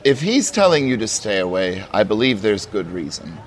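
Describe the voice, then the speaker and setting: A man playing a tabletop role-play character, calm and patronizing in manner. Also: on the low side, normal speed. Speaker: player.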